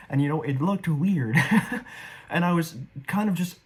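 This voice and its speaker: This young man's voice is slightly high with a breathy edge, and he takes his time. Reviewing his own stage performance as an actor, he rambles casually and is somewhat self-deprecating.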